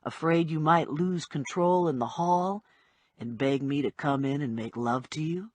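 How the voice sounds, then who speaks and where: A woman voicing a laid-back male cop who speaks low and quiet with a dry, teasing edge. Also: unhurried, dry recording.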